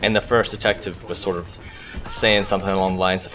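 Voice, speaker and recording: A man, a gaming channel host, telling a story in a chatty, animated way, full of "like" and "uh". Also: deep voice, quick pace, a little hiss or hum. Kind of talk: casual storytelling over gameplay. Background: faint background music.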